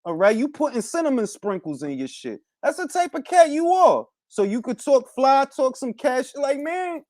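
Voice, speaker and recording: A man's voice: very high voice, big pitch swings, normal speed, darkish tone, no echo, clean studio sound. A man hosting a boxing talk podcast in a casual, profane rant full of street slang, slipping into Spanish phrases now and then. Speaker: podcast host.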